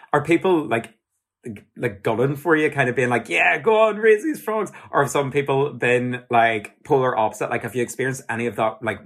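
Brief: Northern Irish man, mid-pitched, loose and rambling as interviewer. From Northern Ireland. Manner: rambling, many fillers like "like". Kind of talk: casual interview questions.

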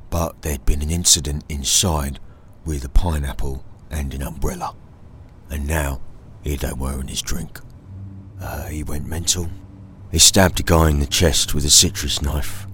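A British man telling an absurd comic tall tale in deadpan style, teasing a sidekick as he goes. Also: rumbling low, slight background noise. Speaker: comedian. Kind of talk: comic storytelling monologue.

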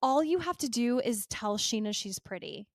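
Higher-voiced woman co-host chatting. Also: expressive, no room sound, clean studio sound. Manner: quick agreeing interjections. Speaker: podcast co-host. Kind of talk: casual recap chat.

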